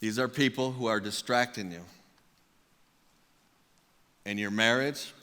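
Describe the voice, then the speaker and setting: Bright-voiced man preaching in a hall. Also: mid-range voice, measured pace, clear, resonant tone. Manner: animated, comic storytelling with acted quotes. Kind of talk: storytelling sermon. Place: large church auditorium. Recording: long hall reverb.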